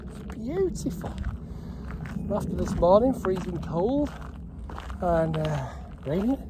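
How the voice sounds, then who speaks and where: Older man, casual vlog chatter, high for a man, very animated. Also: slow, background noise. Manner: chatty and rambling. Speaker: gas training vlogger.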